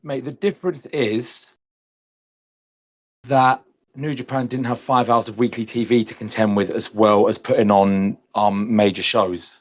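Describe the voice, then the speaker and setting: A man co-hosting a podcast in casual chat, measured and explaining his points at length. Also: on the low side, steady tone. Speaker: podcast co-host. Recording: dull lo-fi sound.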